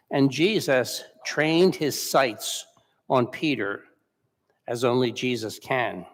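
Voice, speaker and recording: A male pastor tells a story from the pulpit in a slow, conversational way, often correcting himself mid-phrase. His voice sits at a middle pitch, and a long reverb from the church hangs after each line. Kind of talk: sermon.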